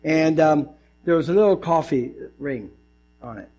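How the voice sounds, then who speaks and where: A man preaching a sermon as pastor, animated and conversational, with lots of asides and restarts. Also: on the high side, unhurried, faint music behind, rough recording.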